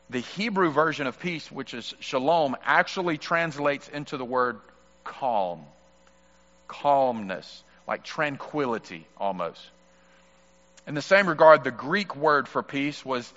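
A man's voice: medium pitch, pushed and bright. A man preaching a sermon, earnest and explanatory, walking through a passage with small fillers. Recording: muffled with long hall reverb.

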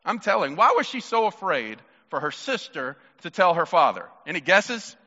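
Male preacher, animated and joking with the crowd, slightly dull hall sound. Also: fairly high pitch, moderate pace. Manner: animated, playful, talks to the crowd. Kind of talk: sermon.

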